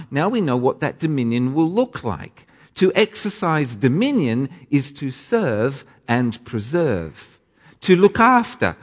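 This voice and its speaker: Expressive preacher in a reverberant church. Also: male voice, medium pitch. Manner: expressive, dramatic emphasis with self-corrections. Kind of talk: sermon.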